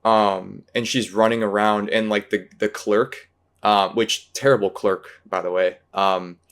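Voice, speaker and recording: A man's voice: on the low side, fairly even intonation, a little slow, a bit bright, smooth. A man hosting a casual movie discussion, rambling and hesitant, full of fillers and restarts. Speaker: podcast host.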